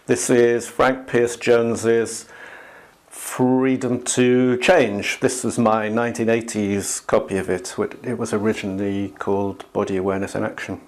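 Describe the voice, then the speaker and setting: A man from the UK explains body technique straight to camera in an unhurried, conversational way. His voice sits at an ordinary middle pitch. He pauses to gather thoughts and now and then slips into playful acted-out inner voices. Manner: acts out inner voices with raised, lively pitch; relaxed, thinking aloud with ums and restarts. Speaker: Alexander Technique teacher and author. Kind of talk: casual instructional monologue to camera.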